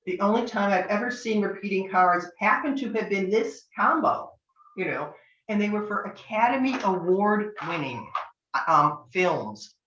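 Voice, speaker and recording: A woman's voice: medium pitch, lively intonation, measured pace, fairly bright tone, slight background noise. An older woman from Northern California teaching tarot in a chatty, anecdotal way, acting out bits of dialogue. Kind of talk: online master class talk. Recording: echoey, distant, dull lo-fi sound.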